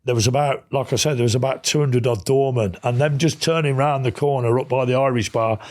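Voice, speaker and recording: A man's voice: medium pitch, a little fast, a little mellow. An English man, a podcast guest, telling long rambling anecdotes in a casual interview, full of quoted exchanges and restarts.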